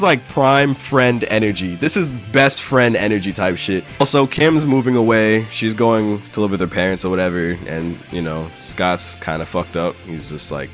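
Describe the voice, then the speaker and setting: A man's voice: on the low side, moderate pace, hardly any pauses, a bit bright, soft background music. A man recapping a story in a casual, slangy, profane way. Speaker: comic book summarizer.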